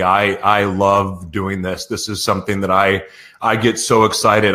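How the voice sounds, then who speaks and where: A male radio host, bright and forceful in tone, opens his live show from the studio. He sounds giddy and close to tears with gratitude, gushing over his thanks. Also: fairly low pitch. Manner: emotional, giddy and effusive.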